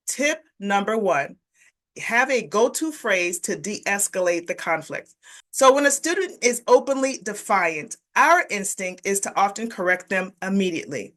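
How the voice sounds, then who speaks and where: Woman, behavior strategist, mid-pitched, upbeat and encouraging, speaks straight to the viewer. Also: a bit bright. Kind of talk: direct-to-camera teaching tips.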